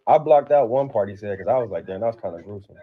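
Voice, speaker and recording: A man's voice: on the low side, animated, fast, heavy background noise. Guy rambling on a livestream, keeps laughing, cusses a lot, muffled lo-fi sound. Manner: laughs often, loose and rambling, swears freely. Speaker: livestream host reacting to family drama. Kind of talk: casual livestream talk. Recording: dull lo-fi sound.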